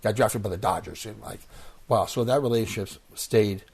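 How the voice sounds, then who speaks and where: Husky-voiced man in his sixties. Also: fairly low pitch, normal speed. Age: 60s. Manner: animated storyteller who acts out quoted voices. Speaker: guest, former baseball player. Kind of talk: casual storytelling interview.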